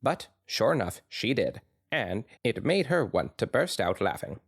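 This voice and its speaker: A man's voice: lowish voice, sing-song, unhurried, husky, dry recording. A podcast co-host man reading fanfiction aloud with a dry, wry narration.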